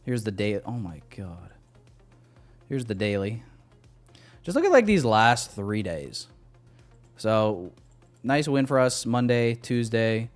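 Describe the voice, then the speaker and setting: A man's voice: on the low side, very animated, slow pace, long pauses, soft background music. A young man giving live commentary on his trades to a stream chat, casual and self-deprecating.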